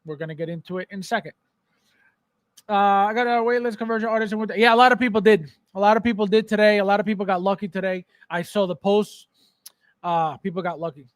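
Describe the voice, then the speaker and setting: High-voiced man teasing live viewers. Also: fairly even intonation, quick pace, dry recording. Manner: joking, teasing viewers by name. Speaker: podcast host. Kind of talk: casual livestream chat.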